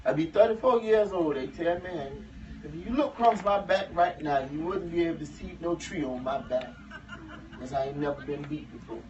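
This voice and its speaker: A man's voice: fairly high pitch, normal speed, natural voice. A man playing an enslaved man in his thirties, telling a humorous tale to a live audience in dialect, with chuckling asides. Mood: folksy. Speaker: living history performer. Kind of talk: first-person historical storytelling to a live audience. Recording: muffled, distant, noisy live recording.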